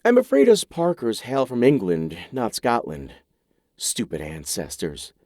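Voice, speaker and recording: A man's voice: medium pitch, huge pitch swings, a little slow, a little mellow, no room sound, clean studio sound, heavily acted. A man voicing a playful, teasing young woman neighbor in an audiobook. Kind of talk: audiobook character voice.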